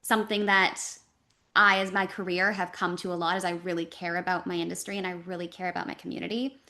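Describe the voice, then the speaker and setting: Woman, from Canada, voice actress, interview guest, animated, filler-heavy casual talk. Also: lowish voice. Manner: animated, talks in quick runs with fillers.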